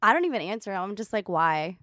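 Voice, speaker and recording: A woman co-hosting a casual podcast, telling stories with swearing and lively energy. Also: mid-range voice, brisk. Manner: animated, profane anecdote telling. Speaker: podcast co-host. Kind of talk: casual chat.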